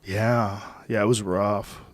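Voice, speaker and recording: A middle-aged man, a podcast host, telling casual stories in a relaxed, swearing conversational manner. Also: on the low side, takes it slowly. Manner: casual storytelling, heavy swearing.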